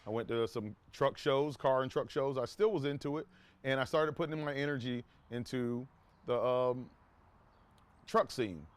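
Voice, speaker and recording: Here a man with a medium-pitched voice talks at normal speed, sharing a personal anecdote with his viewers in a loose, rambling way full of restarts and asides. Whenever he quotes someone, he performs the lines in a raised voice.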